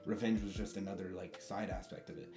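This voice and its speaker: A man voicing an excitable teen boy hero who speaks in high, surprised outbursts. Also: quick pace, lightly acted. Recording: roomy sound with faint guitar.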